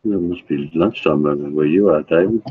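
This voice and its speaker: A man's voice: extremely low pitch, moderate pace, slightly rough. A man chatting casually with his live viewers, rambling and calling out chatters by name, from home. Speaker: livestreamer. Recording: tinny phone-like sound.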